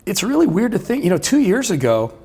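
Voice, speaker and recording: A man's voice: high voice, wildly swooping pitch, fairly quick, darkish tone, husky. A middle-aged man who hosts sports radio, guesting in a casual chat and talking at length with many restarts. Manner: talkative, many restarts and fillers.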